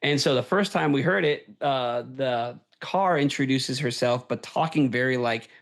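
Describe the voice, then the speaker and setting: A male podcast host in the middle range of pitch, talking in an easy, eager way. He keeps asking "right?" as he goes. It sounds like relaxed conversation. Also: normal speed, creaky. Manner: enthusiastic, tags "right?" onto points. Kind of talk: casual chat.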